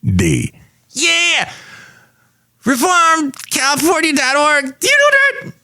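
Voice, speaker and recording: A man voicing an excitable male character who shouts in a very high, squeaky voice. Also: takes it slowly, no room sound, clean studio sound, exaggerated voice. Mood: excited.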